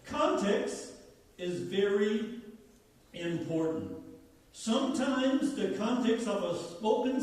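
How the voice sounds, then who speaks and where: A man's voice: high voice, darkish tone. A man from Newfoundland with a Newfoundland accent, preaching a folksy, conversational sermon and asking the congregation questions. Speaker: pastor. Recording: echoey church hall, mic far off.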